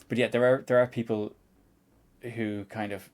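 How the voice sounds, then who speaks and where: A man's voice: medium pitch, moderate pace, a little mellow, slight background noise. A man with a Northern Irish accent, streaming a live coding tutorial and chatting in a rambling, chuckling way. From Northern Ireland. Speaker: programming streamer.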